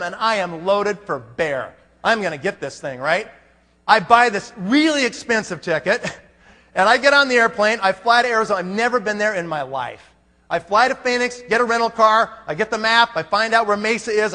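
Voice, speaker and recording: Animated, high-voiced storytelling man. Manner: animated, acts out every character. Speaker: conference speaker. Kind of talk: comic storytelling. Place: large conference hall. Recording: long hall reverb.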